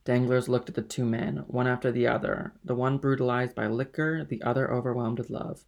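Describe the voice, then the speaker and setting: A male audiobook narrator reading a classic novel with steady, even pacing. His mid-pitched voice carries a gravelly edge. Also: fairly quick, few pauses. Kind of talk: scripted narration.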